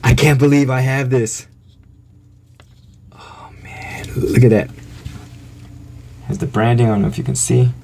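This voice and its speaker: Excited man unboxing, slow and laughing. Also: mid-range voice, creaky, a little hiss or hum. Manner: excited, laughing often, stammering with joy. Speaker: vlogger.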